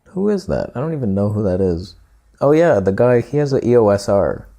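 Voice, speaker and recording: Sarcastic low-voiced man roasting. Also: dark tone. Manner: sarcastic, mocking, with mock impressions. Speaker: YouTube host. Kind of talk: comedic roast monologue.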